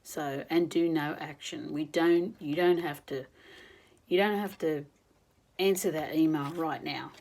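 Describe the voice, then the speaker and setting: A woman doing an oracle card reading in a gentle, reflective, encouraging manner. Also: low voice, a little slow, poor audio. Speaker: spiritual card reader.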